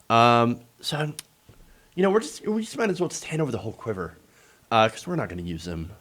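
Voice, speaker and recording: A man's voice: on the high side, sing-song, fast talker, pushed and bright. A man hosting a casual political commentary show, talking in a sarcastic, mocking way.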